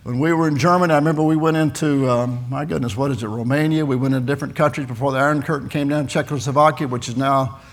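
A man in his sixties, a missionary preaching a folksy sermon in a church, telling personal stories and building to loud, fervent peaks. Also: mid-range voice, steady tone, fast talker, few pauses. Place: church sanctuary.

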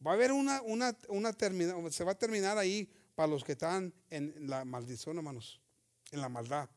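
A man with a notably high-pitched voice delivers a sermon. His preaching is fervent and emphatic, and he keeps driving his points home with amens and hallelujahs. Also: quick pace.

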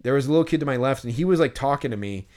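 Podcast co-host, male, mid-range pitch, smooth resonant tone, rambling animated storyteller. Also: racing. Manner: animated, rambling, frequent fillers and casual swearing. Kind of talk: casual storytelling chat.

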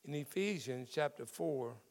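A man's voice: medium pitch, animated, measured pace, gravelly. A man who is a pastor, preaching a sermon in a conversational way and explaining the meaning of Greek words in scripture.

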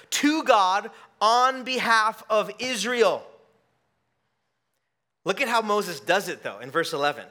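Guy preaching a sermon, high bright voice, acts out the back-and-forth, lots of restarts. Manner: animated, acts out dialogue with frequent restarts. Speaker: pastor.

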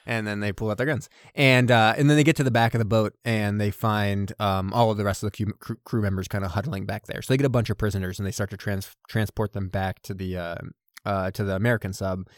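A man's voice: on the low side, fairly even intonation, quick pace, dry recording, clean studio sound. A man co-hosting a podcast, chatting casually through a movie plot with lots of fillers and "like". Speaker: podcast co-host. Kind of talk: casual movie recap chat.

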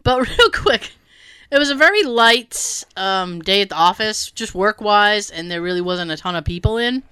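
A woman's voice: mid-range voice, moderate pace, clear, resonant tone, no echo. A woman telling a story in casual chat, acting out what everyone said and swearing freely. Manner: animated, acts out quotes, swears freely.

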